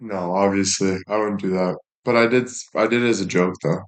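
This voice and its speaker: A man's voice: sits low, steady tone, brisk. A young man chatting casually on a live stream, thanking viewers and joking crudely with plenty of swearing. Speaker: livestreamer.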